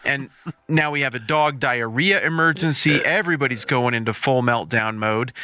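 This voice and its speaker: Podcast guy ranting for laughs, bright forceful voice, dry sound. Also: on the high side, normal speed, no room sound. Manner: animated, comic exaggeration. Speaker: podcast co-host. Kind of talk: casual chat.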